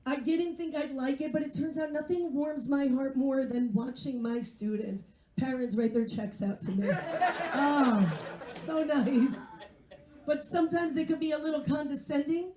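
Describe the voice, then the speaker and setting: A woman's voice: high voice, moderate pace, warm tone, roomy sound. A woman in her forties performing a stand-up comedy set, wry and self-mocking as she chats with the crowd. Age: 40s. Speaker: stand-up comedian and English teacher. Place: live comedy venue.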